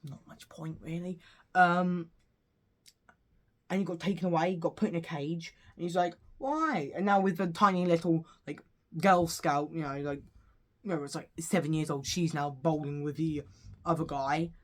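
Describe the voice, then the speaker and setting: A man's voice: a little high, fairly even intonation, normal speed. A British man giving a casual, rambling review of a show, full of fillers and asides. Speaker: home-video reviewer.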